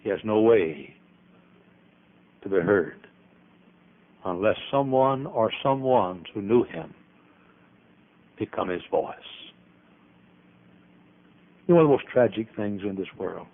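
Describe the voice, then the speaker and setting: An older man preaching a sermon as pastor, emphatic, with sudden loud rises and trailing, dropped endings. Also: on the low side, lively intonation, unhurried, long pauses. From American. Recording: tinny phone-like archival audio.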